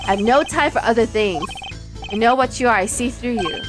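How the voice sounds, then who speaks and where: A woman's voice: fairly high pitch, a little fast, natural voice. A woman voicing a pompous, impatient wealthy male art dealer with a thick made-up foreign accent, over game music. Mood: haughty.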